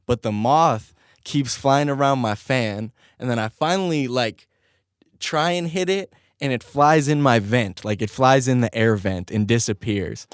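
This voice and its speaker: His mid-range voice has a clean tone as he hosts his own podcast from a home studio. Casual and animated, he tells a story while swearing constantly and laughing along, on a dry recording.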